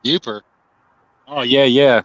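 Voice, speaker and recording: This coin-auction livestream co-host speaks slowly in a mid-range, fairly bright voice with fairly even intonation. He's easygoing, laughs often and greets and chats with viewers, though the lo-fi stream audio sounds a little dull.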